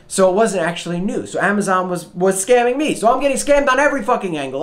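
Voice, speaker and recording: A young man telling a story to camera in a casual vlog rant, swearing freely and swinging between loud outbursts and low mutters. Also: expressive, quick pace, few pauses, a little hiss or hum. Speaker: vlogger.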